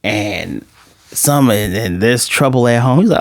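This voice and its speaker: Man, anime reviewer, casual ranting talk, acts out lines, mid-pitched voice, dry close sound. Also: lively intonation, unhurried, creaky, no room sound.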